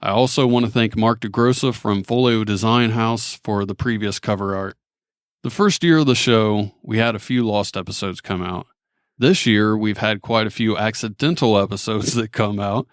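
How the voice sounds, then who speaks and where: A man's voice: fairly low pitch, moderate pace, dry recording, studio quality. A man hosting a podcast, recapping the year in a friendly, casual way. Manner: friendly, laughs often. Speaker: podcast host.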